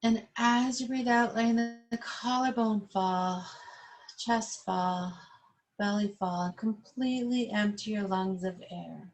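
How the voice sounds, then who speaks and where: A woman yoga instructor leading a class over a webcam, giving calm, slow guided instructions. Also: medium pitch, low-quality recording.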